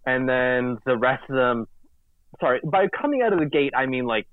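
A man co-hosting a casual sports podcast, chatty and animated, acting out quotes in silly voices. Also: mid-range voice, normal speed, no room sound. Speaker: podcast co-host. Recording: tinny phone-like line.

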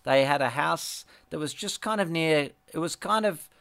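A middle-aged man with a smooth, resonant voice, talking in a dry, close-up sound. He rambles through his stories and keeps restarting his sentences. He laughs easily as he chats. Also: fairly high pitch, normal speed, a bit bright, no echo. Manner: rambling storyteller, laughs often, many restarts. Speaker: podcast co-host, musician. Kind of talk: casual chat.

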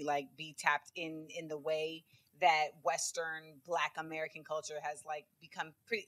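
A woman comedian chats as a podcast guest with a bright, forward tone. She tells stories quickly and loosely, full of fillers and asides. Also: lowish voice. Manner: quick, chatty storytelling with many fillers. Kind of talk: casual interview chat.

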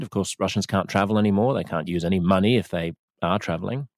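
A man's voice: on the low side, darkish tone, dry recording, studio quality. A man with an Australian accent, a radio host giving earnest, reflective commentary. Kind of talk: spoken commentary.

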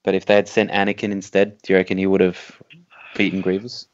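A man's voice: sits low, monotone, fast. A man in a casual podcast chat, tentative, with many fillers and questions. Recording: dull, lo-fi sound.

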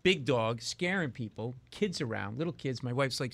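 Speaking fairly quickly and barely pausing, a man with a mid-range voice tells lively stories as a comedian guest on a casual radio show, mimicking other people as he goes. He lives in New York City, and the audio has no echo.

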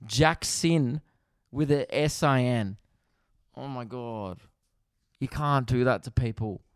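An Australian man riffing through a comedic podcast monologue with a smooth, resonant voice. He rants in an animated, exasperated way and swears freely. The sound is close and dry, with no room around it. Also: medium pitch, dry recording. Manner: animated, profane, exasperated ranting.

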